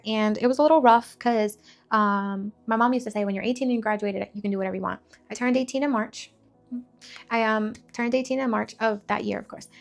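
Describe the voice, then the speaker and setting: A woman giving an emotional personal testimony, telling her story vividly with many fillers and restarts. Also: mid-range voice. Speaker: testimony speaker.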